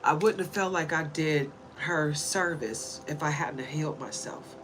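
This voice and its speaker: A woman's voice: deep voice, measured pace, fairly bright tone, a little hiss or hum, low-quality recording. A woman giving spiritual readings, talking in a rambling, earnest way and often checking in with "you know?". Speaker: spiritual reader. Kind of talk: casual heartfelt monologue. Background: music.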